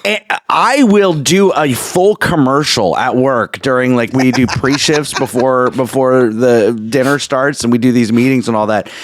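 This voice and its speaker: A man's voice: mid-range voice, measured pace, hardly any pauses, no echo. A man on a podcast chatting casually, slipping in jokey ad reads. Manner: relaxed, chatty, jokey asides. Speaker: podcast co-host.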